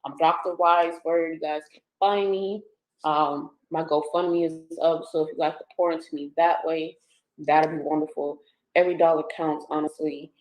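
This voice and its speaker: Give me a woman guest who speaks in a flat, even tone, soft and halting, with the emotion close to the surface. Her voice sounds roomy and echoey, as if she is a few feet from the mic. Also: deep voice. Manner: soft, halting, with many pauses. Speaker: poet and activist guest. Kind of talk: interview answers.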